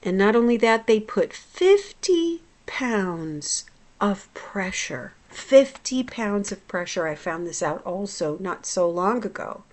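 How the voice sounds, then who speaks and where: A woman's voice: very animated, slow. Blunt, swearing woman telling her story. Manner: blunt and profane, swinging between low muttering and loud outbursts. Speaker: hypnotherapist. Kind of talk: personal vlog storytelling.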